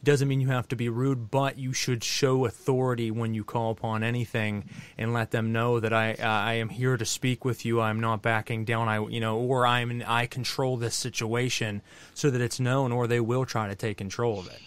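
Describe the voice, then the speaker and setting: A male podcast host who talks in a measured, explanatory way. His voice sits at an ordinary middle pitch. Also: little pitch movement, clear, resonant tone. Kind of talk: interview talk.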